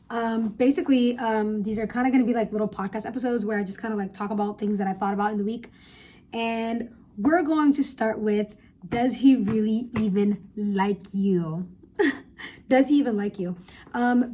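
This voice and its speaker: A woman's voice: fairly high pitch, dark tone. A young woman in a casual podcast-style rant, giving blunt, emphatic, profane advice to viewers, recorded on a phone. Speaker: vlogger. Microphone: phone camera.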